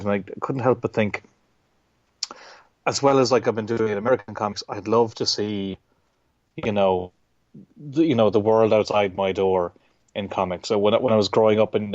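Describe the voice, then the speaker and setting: A man's voice: lowish voice, a little mellow, dry recording, dull audio. A man in his thirties with an Irish accent, chatting casually as an interview guest, rambling and swearing freely. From Ireland. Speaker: guest comic artist.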